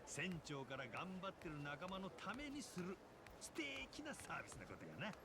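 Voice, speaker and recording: A man's voice: high voice, very animated, fast. An actor voicing a brash, easygoing middle-aged male pirate captain with a Kansai accent in a video game, drawling and teasing, with noise behind. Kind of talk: game voice acting.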